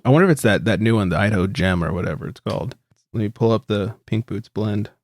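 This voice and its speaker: A man's voice: on the low side, fast, no echo, studio quality. A man co-hosting a casual podcast chat. He is laid-back, laughs often and swears freely. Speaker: podcast co-host.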